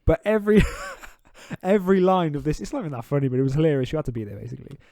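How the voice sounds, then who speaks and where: A man's voice: fairly high pitch, very fast, creaky, mellow, dry recording. A young man co-hosting a podcast, telling stories in casual chat with laughs and swearing. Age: young adult. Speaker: podcast co-host.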